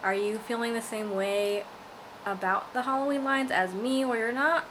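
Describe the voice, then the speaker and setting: A woman's voice: on the high side, fairly even intonation, normal speed, a little hiss or hum, rough recording. A tired woman chatting casually to her viewers at home, rambling and playful as she goes. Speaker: vlogger. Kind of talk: casual vlog chat.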